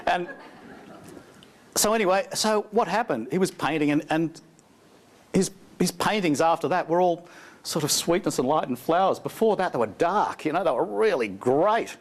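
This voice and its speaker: A man's voice: a little high, expressive, moderate pace. A man presenting a live seminar, a chatty, jokey storyteller who laughs often and asks the audience questions. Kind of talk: live seminar talk with anecdotes. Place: seminar hall before an audience.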